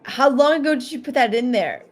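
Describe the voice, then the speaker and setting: A woman's voice: sits high, lively intonation. Playful, teasing woman player. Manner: playful, teasing, quick retorts. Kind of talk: casual in-character play.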